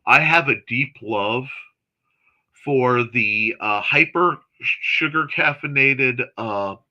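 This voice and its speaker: A man hosting a morning livestream, chatting casually and reading viewer comments aloud in a chatty, excitable way with snarky asides. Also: mid-range voice, slow pace, highs cut off. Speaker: host of a morning livestream chat show.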